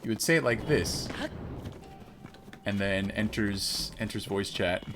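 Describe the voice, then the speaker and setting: Slow, low-voiced playful streamer man. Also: over music. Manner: playful, jokey, chatting with viewers. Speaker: game streamer. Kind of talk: casual gameplay commentary. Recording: clear background noise.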